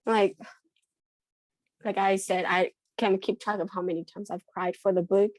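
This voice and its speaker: A woman's voice: mid-range voice, flat delivery, measured pace, darkish tone, dry recording. A woman co-hosting a book podcast in casual chat, talking with many restarts and frequent laughs. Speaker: podcast co-host.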